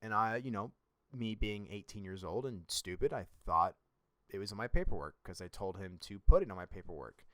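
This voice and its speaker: A man's voice: fairly low pitch, animated, a little fast, fairly bright tone, no room sound, studio quality. A young man hosting a podcast, telling a personal story in a blunt, rambling and profane way. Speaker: podcast host.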